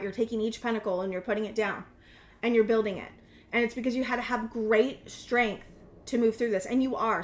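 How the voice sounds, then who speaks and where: 30s woman doing a tarot reading, kinda high voice, rambly, lots of restarts, echoey room. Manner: rambling, intuitive, with many restarts and fillers. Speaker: tarot reader. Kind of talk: casual tarot reading to camera.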